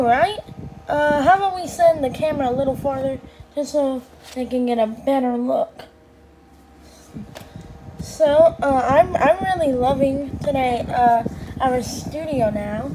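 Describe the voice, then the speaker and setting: A woman hosting a casual talk show skit, excitable and rambling with many fillers. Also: high voice, noisy background. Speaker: host.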